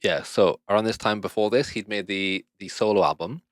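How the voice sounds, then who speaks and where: A man hosting a podcast in casual chat, animated, swearing freely and laughing often. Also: on the low side, brisk. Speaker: podcast host. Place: lives in Japan.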